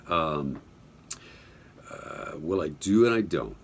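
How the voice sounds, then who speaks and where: A man's voice: very deep voice, sing-song, takes it slowly, slight background noise. A middle-aged man from New Mexico, an audiobook narrator, answering interview questions casually from his home studio, rambling and joking as he goes. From Albuquerque, New Mexico, US.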